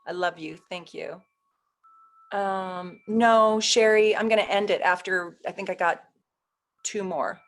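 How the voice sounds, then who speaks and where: A woman's voice: on the low side, fairly even intonation, measured pace, pauses often. A woman astrologer hosting a casual live stream, chatting with viewers, easily flustered and laughing often.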